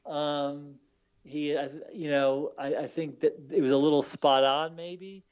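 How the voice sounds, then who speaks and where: A man's voice: a little high, steady tone, a little slow, clean tone, dull audio. A man from Baltimore, a book author being interviewed on the radio, telling stories with lots of fillers and repeated words. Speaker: author guest. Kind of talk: casual radio interview storytelling.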